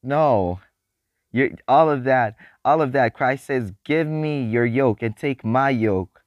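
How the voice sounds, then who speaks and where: A man's voice: medium pitch, slow, dry recording, highs cut off. Upbeat man hosting a faith podcast. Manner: excited and upbeat, talking in loose restarts. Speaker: podcast host. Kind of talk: casual faith podcast monologue.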